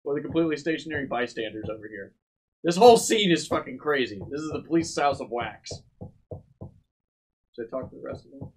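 A man's voice: medium pitch, lively intonation, a little fast, pauses often, slightly rough. A man hosting a casual let's play, joking, laughing often and reading game lines aloud. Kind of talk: casual gameplay commentary.

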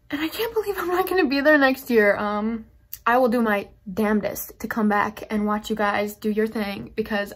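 Teary young woman fighting back tears. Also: fairly high pitch. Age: late teens. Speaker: graduating theater student. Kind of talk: farewell vlog message.

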